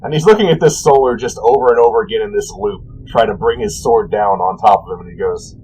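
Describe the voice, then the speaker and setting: A man narrating a tabletop game as dungeon master, animated and rambling, correcting himself as he goes. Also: fairly low pitch, quick pace, hardly any pauses, a little hiss or hum, low-quality recording.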